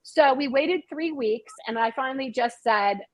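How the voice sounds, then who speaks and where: A middle-aged woman talks as an interview guest in a husky, somewhat high voice. She speaks casually and animatedly and doubles up words as she goes. Her voice sounds close and dry. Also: moderate pace, dry recording, poor audio. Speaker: guest author and screenwriter.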